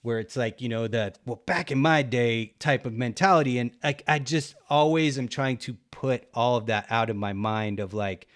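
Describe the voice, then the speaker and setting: Middle-aged guy hosting a podcast, rambly and laughy, middle pitch, lots of "you know". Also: moderate pace, hardly any pauses. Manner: rambling, frequent laughs and fillers. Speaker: podcast host and record cover artist. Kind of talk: casual conversation.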